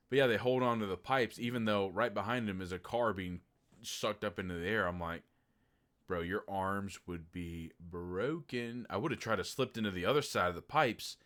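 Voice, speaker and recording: Sarcastic, low-voiced man from Oklahoma. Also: moderate pace. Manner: animated and sarcastic, swears freely; acts out incredulous reactions in a raised voice. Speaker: movie reviewer. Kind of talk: casual spoken movie review.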